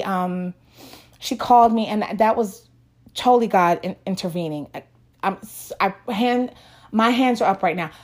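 A woman telling a personal faith testimony in a casual, earnest way, full of restarts and close to tears. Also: mid-range voice. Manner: emotional, earnest, with many restarts.

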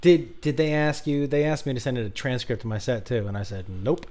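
A male comedian guest telling a casual, animated anecdote. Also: medium pitch, fairly quick. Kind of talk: casual chat.

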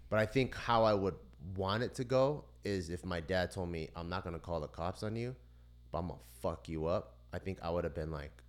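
Profane, animated man telling a story. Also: low-pitched, brisk. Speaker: podcast co-host. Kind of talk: casual chat, storytelling.

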